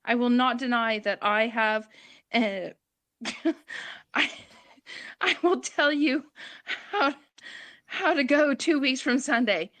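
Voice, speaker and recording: A distraught woman pleads over and over in a raw, urgent way, a mother begging to be understood. Her voice sits high, recorded close and dry with no room sound. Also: slow, pauses often, a bit bright, no echo. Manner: pleading, raw, repeating herself. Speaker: mother of a missing child. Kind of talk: emotional plea on a livestream call.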